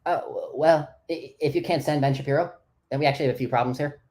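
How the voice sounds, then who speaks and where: A man doing a rapid-fire pundit. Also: on the high side, steady tone, a little mellow, natural voice. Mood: smug. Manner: fast, clipped, stammering delivery. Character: impression of a conservative male pundit. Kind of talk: comedic impression in casual chat.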